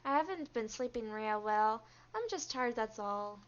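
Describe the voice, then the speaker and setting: A tired young coworker apologizes in a flat, even monotone, as a woman voices her in a game playthrough. The voice sits a little high, and the lo-fi stream audio dulls it. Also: unhurried. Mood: weary.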